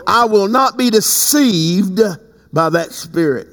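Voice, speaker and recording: Preacher with a high voice in a hall. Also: male voice, lively intonation, takes it slowly. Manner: conversational preaching, swings to loud emphatic outbursts. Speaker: bishop and pastor. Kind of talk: sermon. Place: church sanctuary. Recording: long reverb in a large hall.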